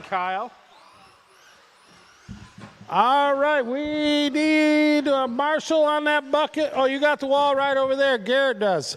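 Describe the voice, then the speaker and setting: A man calls a live radio-control car race in a high voice. He talks at an easy, unhurried pace, chatting casually with the drivers and calling out their positions. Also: long reverb tail. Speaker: race announcer.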